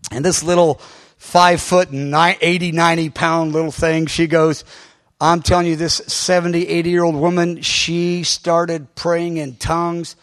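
A male pastor telling a story to his congregation, animated, with many fillers and restarts and sudden loud bursts. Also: a little high, measured pace. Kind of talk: sermon storytelling.

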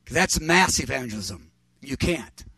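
A middle-aged man gives an earnest sermon testimony, telling a story from his ministry and quoting what others said. His mid-range voice is sharp-toned with lively intonation and a measured pace, recorded from a distance with no room sound.

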